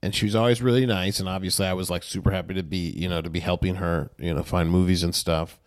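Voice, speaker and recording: A man's voice: low-pitched, fairly even intonation, fast talker, dry recording, studio quality. A man who is a guest on a podcast, telling stories in a laid-back way and laughing easily. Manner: laid-back storyteller, laughs easily, acts out voices in anecdotes. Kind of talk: casual conversational interview.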